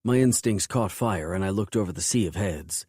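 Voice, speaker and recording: A man narrating a first-person romance audiobook in a low, intense, measured way. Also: darkish tone, husky, dry recording, clean studio sound.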